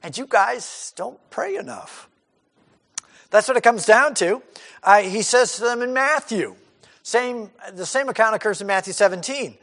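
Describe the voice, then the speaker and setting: A man preaching an expository sermon who acts out crowd voices and swings from loud to hushed. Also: sits high. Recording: hall reverb.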